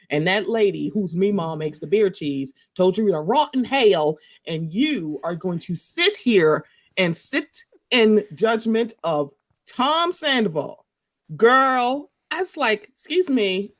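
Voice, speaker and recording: Animated sassy woman gossiping. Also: mid-range voice. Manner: animated, sassy, mimics voices in quotes. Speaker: podcast host. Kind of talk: casual gossip chat.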